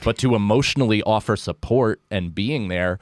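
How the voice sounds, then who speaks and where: A man's voice: lowish voice, normal speed, no room sound, clean studio sound. A man, a comedian, talking candidly and with plenty of swearing in a casual podcast chat. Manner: candid, profane, self-deprecating. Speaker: comedian guest.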